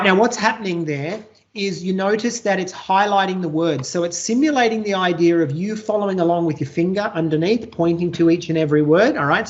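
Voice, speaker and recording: A teacher walks an online class through a software demo in a chatty way and keeps asking "all right?". The voice comes over a computer mic on a video call. The sound is muffled and lo-fi. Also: medium pitch. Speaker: teacher presenting a workshop. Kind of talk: live online tech demonstration.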